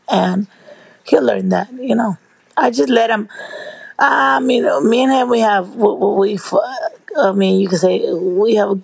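Gravelly middle-aged woman telling stories. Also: medium pitch, no echo. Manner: lively, laughing, swears freely. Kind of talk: casual storytelling.

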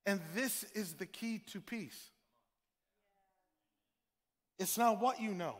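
A man's voice: high-pitched, slow pace. A male pastor preaching a sermon in a church, emphatic and repetitive, full of rhetorical questions. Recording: long reverb of a large hall.

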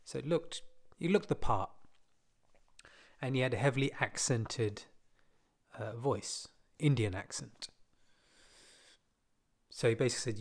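A man casually telling a personal story from his school days, with relaxed, self-deprecating asides. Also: medium pitch, normal speed, long pauses.

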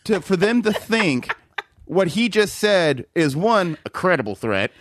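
A man's voice: high-pitched, sing-song, measured pace, a bit bright. A man co-hosting a podcast, telling exasperated, profane stories about rude customers in casual chat. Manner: profane, exasperated storytelling with laughs. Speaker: podcast co-host.

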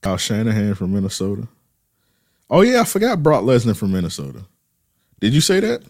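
Low-voiced man in loose slangy chat. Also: wildly swooping pitch, brisk, darkish tone, dry recording, clean studio sound. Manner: loose, laid-back banter with heavy slang. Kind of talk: casual chat.

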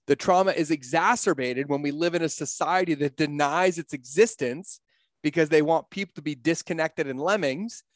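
A middle-aged man speaking as a podcast guest in a casual conversation, blunt and emphatic, with frequent swearing. His voice sits a little high for a man. The sound is dry and close, with no room around it. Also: normal speed, no room sound. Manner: blunt, profane, emphatic storyteller.

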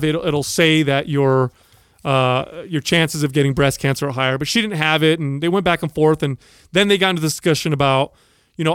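A podcast co-host with a slightly high, fairly bright, clear and resonant voice tells a story in casual chat, acting out the people he quotes. The recording is dry, with clean studio sound.

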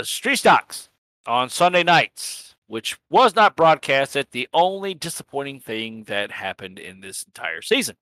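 Bright-voiced, profane guy rambling. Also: mid-range voice, no echo. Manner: rambling, profane, laughs at himself. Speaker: sim racing league organizer and podcast host. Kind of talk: casual profane recap chat.

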